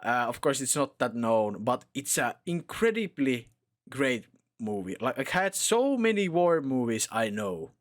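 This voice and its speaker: A man's voice: medium pitch, very animated, a little slow, few pauses. A man co-hosting a podcast, talking casually and hesitantly with dry jokes. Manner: hesitant, many fillers and restarts, dry jokes. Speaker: podcast co-host. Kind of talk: casual chat.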